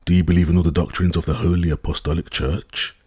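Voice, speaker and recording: A man voicing a weary, good-natured little old priest who rattles off rapid routine church patter in an audiobook. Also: low-pitched, little pitch movement, warm tone, slightly rough, no room sound, clean studio sound. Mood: hurried.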